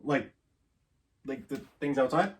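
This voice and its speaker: A young man talks through an interview at an ordinary middle pitch, stopping and restarting with plenty of fillers. He laughs easily and keeps a casual tone. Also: slow pace. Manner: hesitant, many fillers and restarts, laughs often. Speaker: guest, student performer.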